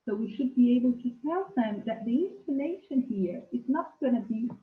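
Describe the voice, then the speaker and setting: A woman giving a webinar lecture as a teacher trainer, slowly asking questions and taking up answers from attendees. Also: fairly high pitch, expressive. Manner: slow, questioning, reads out learners' answers. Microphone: video call. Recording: echoey, tinny video call.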